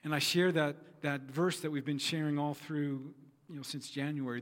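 A man's voice: on the high side, fairly even intonation, normal speed, in a large hall. A man preaching a sermon as pastor, telling a story with earnest, repeated phrases.

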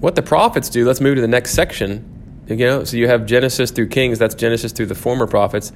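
Low raspy guy teaching a bible class, lots of um and restarts, bit of background hiss. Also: brisk. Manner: thinks aloud with frequent restarts and fillers. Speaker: church teacher. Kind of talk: church class lecture.

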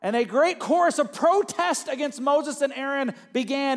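A man preaching a sermon as pastor, moving between quiet, low reflection and loud, emphatic calls to the congregation. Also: normal speed, hardly any pauses.

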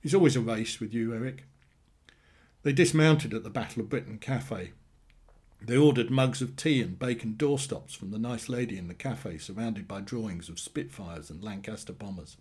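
A man narrating a short story in a plain, steady storytelling manner. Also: on the low side, moderate pace, breathy edge. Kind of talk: scripted narration.

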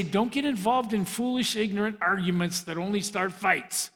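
A man's voice: high voice, normal speed, a bit bright. A middle-aged man who teaches the Bible to a youth group in an easygoing way, joking and laughing at his own asides. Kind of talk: casual preaching to a youth group. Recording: long hall reverb.

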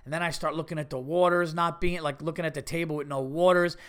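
A man telling a story on his podcast in a loose, conversational way. He curses freely, and his voice swings up into sharp, indignant outbursts before dropping back to an easy, chatty tone. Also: a little high, fast. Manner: animated, swearing, rising to indignant bursts. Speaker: podcast host. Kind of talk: casual storytelling monologue.

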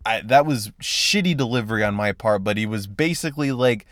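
A man's voice: fairly low pitch, animated, a little fast, fairly bright tone, dry recording, clean studio sound. A man hosting a solo podcast, telling a long, rambling story about his day with lots of swearing and exasperation. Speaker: podcast host. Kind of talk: casual solo podcast rant.

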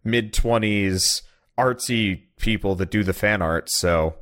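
A young man with a fairly low voice, chatting on a podcast. He talks casually and loosely, with plenty of fillers, restarts and trailing thoughts. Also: slow, fairly bright tone. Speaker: podcast guest, video game streamer.

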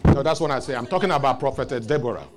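Animated man preaching. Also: mid-range voice, rapid-fire, noisy background. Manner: animated storytelling, rising to loud exclamations. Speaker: pastor. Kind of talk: sermon.

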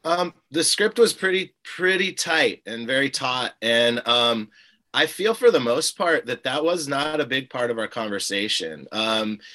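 A man, a film director, answering in an interview in a measured, hesitant way. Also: medium pitch, animated, bright, forceful tone. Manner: measured, hesitant, restarts phrases.

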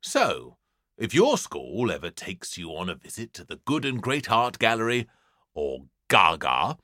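Brief: British man, slow, bright and very animated comic storybook reading. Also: fairly low pitch, no room sound, clean studio sound. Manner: theatrical, playful voices. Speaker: audiobook narrator.

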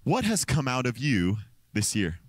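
A man preaching a sermon into a microphone, telling a story with lively swings between low, deadpan lines and excited high exclamations. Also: unhurried, no echo. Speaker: pastor. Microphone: handheld or stand microphone.

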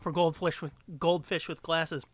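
A man co-hosting a podcast in casual chat, telling stories in an animated, profane way. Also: a little high, moderate pace, slight background noise. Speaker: podcast co-host.

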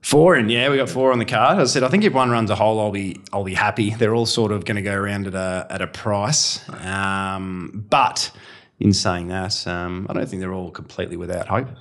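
A man's voice: on the low side, brisk, fairly bright tone. A man with an Australian accent, co-hosting a horse racing podcast in casual, rambling banter with easy laughs. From Western Australia. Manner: chatty, laughs easily, rambling asides. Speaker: racing tipster, co-host.

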